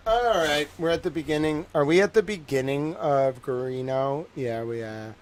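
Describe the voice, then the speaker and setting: A man's voice: on the high side, moderate pace, slight background noise. A young man with a Boston accent chatting casually on his livestream, rambling and joking, with lots of filler words. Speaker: livestream host.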